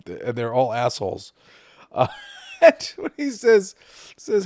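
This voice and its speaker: A man's voice: mid-range voice, unhurried, pauses often, no echo. Guy on his podcast gushing about movies, swears a lot, cracks himself up, very dry close mic. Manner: excited, profane, laughs while retelling scenes. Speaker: podcast host. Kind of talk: casual movie ranking chat.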